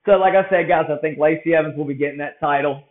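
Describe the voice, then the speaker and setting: A man's voice: on the high side, steady tone, fast. Rambling man on a tinny line. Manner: rambling, blunt, restarts sentences often. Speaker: wrestling commentator giving predictions. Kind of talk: casual opinion monologue. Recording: tinny phone-like audio.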